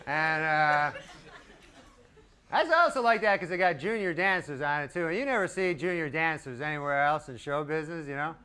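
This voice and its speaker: A man doing a stand-up comedy set, talking in a drawling, deadpan way with rambling asides. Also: fairly high pitch, moderate pace, clean tone. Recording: live club set with loud crowd and noise. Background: audience laughter.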